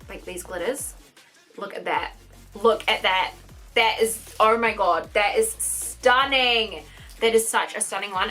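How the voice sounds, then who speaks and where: A woman's voice: fairly high pitch, bright, forceful tone. Gushing young woman unboxing makeup. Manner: gushing, gasping, lots of "oh my god" and "honey". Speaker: beauty vlogger. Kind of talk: excited unboxing vlog.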